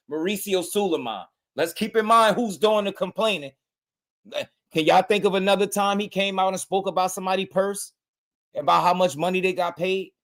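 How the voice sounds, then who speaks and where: A man hosting a boxing reaction channel, talking bluntly in slang and repeating his points for emphasis. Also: high voice. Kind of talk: casual reaction commentary.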